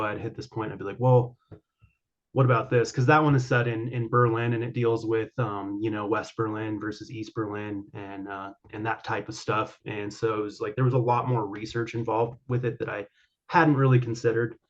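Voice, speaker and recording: A man's voice: on the low side, dull audio. A man being interviewed as an author guest, answering at length with many fillers and restarts. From Colorado.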